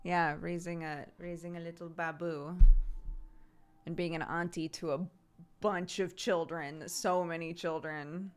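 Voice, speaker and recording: A woman streamer in her thirties chats with her viewers in a relaxed, talkative way. Her voice sits a touch low, and she tells home anecdotes and breaks into laughter often. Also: a little slow, smooth, faint music behind. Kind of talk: casual chat with viewers. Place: home in the countryside.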